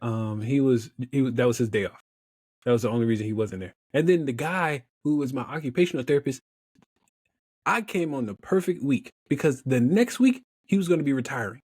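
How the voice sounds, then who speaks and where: A young adult man telling a story as a podcast guest, animated and laughing often, acting out the other voices in his story. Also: mid-range voice, brisk, breathy edge, dry recording, studio quality. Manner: animated, laughs often, acts out quoted dialogue. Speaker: podcast guest, motivational speaker. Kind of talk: casual storytelling in an interview.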